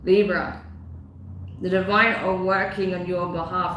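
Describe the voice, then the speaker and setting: A woman's voice: fairly low pitch, steady tone, measured pace, a bit bright. A woman giving a casual tarot reading, effusive and emotional, chatty with lots of fillers. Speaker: tarot reader. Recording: very echoey room with faint noise.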